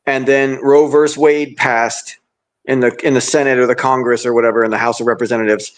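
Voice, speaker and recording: A man calmly explaining a story in a casual chat, with some hesitations. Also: mid-range voice, a little fast. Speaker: podcast guest.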